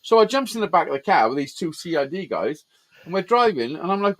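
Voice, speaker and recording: A man spins a story in loose, casual chat, swearing freely and getting animated as he goes. His voice sits fairly high for a man. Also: fast. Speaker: host.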